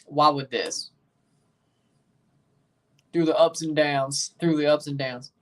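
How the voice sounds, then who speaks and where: Speaking slowly with fairly even intonation, this Mississippi man, Southern accent and slightly high voice, hosts a livestream watchalong. He chats casually and responds to comments from viewers.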